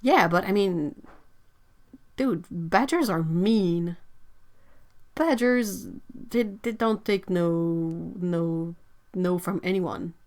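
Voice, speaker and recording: A woman's voice: lowish voice, drawn-out words, darkish tone. A young woman, hosting a casual livestream, chatting and reading out viewer comments with lots of exclamations and laughs. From Quebec, Canada. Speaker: livestream host.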